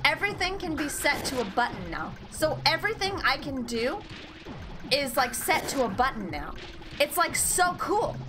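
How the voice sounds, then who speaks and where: Excitable high-voiced woman streamer. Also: moderate pace, background noise. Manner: excitable, laughs often, swears casually. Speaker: game streamer. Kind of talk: casual gaming stream commentary. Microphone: desk streaming mic. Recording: game music playing behind.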